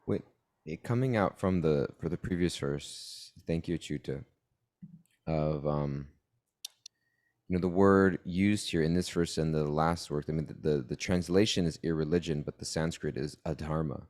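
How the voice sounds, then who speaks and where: A man with a very low voice, co-hosting a relaxed podcast chat. He jokes easily with his friends and steers the discussion along. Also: normal speed. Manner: easygoing, joking, leads the reading. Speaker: podcast co-host.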